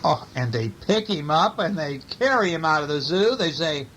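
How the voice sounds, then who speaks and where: Older man, bedtime story reader, expressive asides, very lively intonation, slightly high voice. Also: moderate pace, hardly any pauses, slight background noise. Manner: animated, expressive read-aloud with asides. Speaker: storyteller reading to children.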